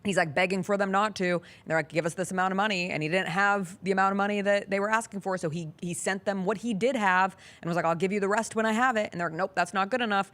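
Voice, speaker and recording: A woman sports talk show host tells a long story in a casual, earnest chat, acting out the dialogue as she goes. Her mid-range voice is a bit bright, and she talks fast.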